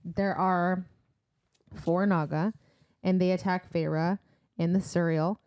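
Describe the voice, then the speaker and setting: A young woman co-hosting a casual book podcast, chatty and quick to act out characters. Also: lowish voice, fairly even intonation, darkish tone, smooth, no room sound, studio quality. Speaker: podcast co-host.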